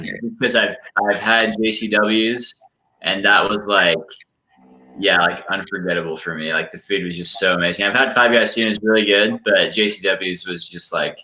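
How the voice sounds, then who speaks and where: Man, very low voice, sharp tone, hesitant, casual chat, faint background noise. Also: low-quality recording.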